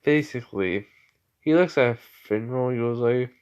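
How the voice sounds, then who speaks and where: A man's voice: medium pitch, normal speed, a little mellow, clean tone. A sleepy man improvising fan-fiction narration late at night, rambling with lots of fillers. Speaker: storyteller. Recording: slightly muffled lo-fi audio.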